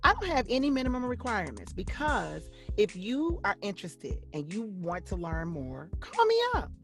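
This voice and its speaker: Lively middle-aged woman coaching. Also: medium pitch, moderate pace, faint music behind. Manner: animated, acts out quoted voices. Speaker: voice-over actress and coach. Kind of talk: interview conversation.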